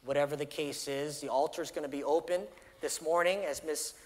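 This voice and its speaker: A male pastor preaches in a church, his voice somewhat higher than most men's and carrying a long reverb that tails off through the sanctuary. He shifts between emphatic, rising phrases and quiet, drawn-out endings as he tells a story. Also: fairly even intonation. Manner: dynamic preaching, storytelling with acted quotes, swings from loud to hushed. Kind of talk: sermon.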